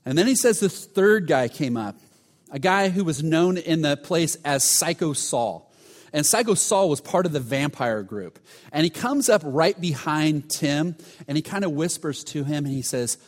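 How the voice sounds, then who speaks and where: A male pastor with a somewhat high voice, preaching to his congregation. He tells the story with restarts, then drops to a near hush at the tense moments. His voice rings with long reverb from a large hall. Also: animated, moderate pace. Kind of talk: sermon.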